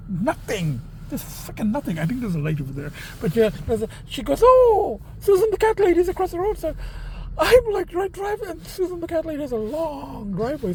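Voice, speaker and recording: A man's voice: very high voice, very animated, normal speed, creaky, darkish tone, a little hiss or hum. A man in a casual vlog telling a rambling story with swearing, talking into a handheld camera near his car on rural roads. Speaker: vlogger.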